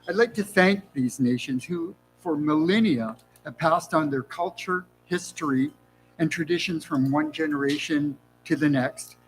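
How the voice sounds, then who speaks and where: A university dean giving formal welcome remarks on a conference stage, speaking through a sore mouth after dental surgery, warm with light humor. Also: male voice, fairly high pitch, a little hiss or hum, poor audio.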